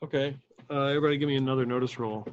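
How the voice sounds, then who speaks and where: A man's voice: medium pitch, fairly even intonation, rapid-fire, muffled recording. A man running a tabletop game as game master, narrating with frequent fillers and restarts. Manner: hesitant, filler-heavy narration.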